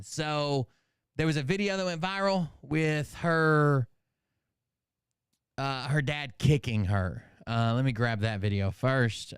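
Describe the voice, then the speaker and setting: A man's voice: mid-range voice, clean tone, no room sound, studio quality. A man hosting a commentary channel, talking casually in a rambling, profane, conversational way.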